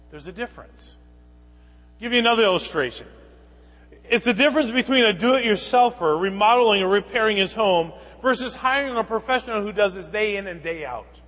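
A man preaching a sermon as pastor, swinging between loud bursts and hushed asides. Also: high voice, long reverb tail, low-quality recording.

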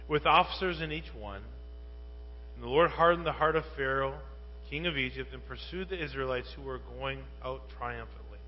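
A male pastor preaching a sermon, moving from quiet Bible reading to loud, rising rhetorical questions. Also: medium pitch. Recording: muffled, with long reverb and mains hum.

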